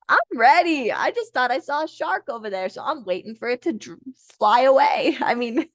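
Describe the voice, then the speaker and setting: A woman's voice: high voice, very animated, moderate pace, dry recording. Chatty, laughing woman reading cards. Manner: chatty and playful, jokes, laughs and swears often. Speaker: tarot card reader. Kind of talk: casual pick-a-card reading to viewers.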